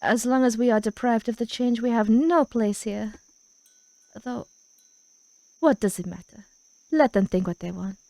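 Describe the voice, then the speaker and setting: A woman reading the lines of a brooding female village witch aloud from a story game, slow and muttering. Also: fairly high pitch, creaky, dark tone, dry recording. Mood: aloof.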